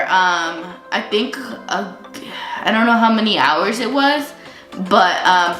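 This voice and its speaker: A woman's voice: mid-range voice, pushed and bright. A young woman vlogger telling a casual storytime while doing her makeup, chatty and full of likes and ums, saying she feels sick. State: feeling sick. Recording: echoey room with faint music.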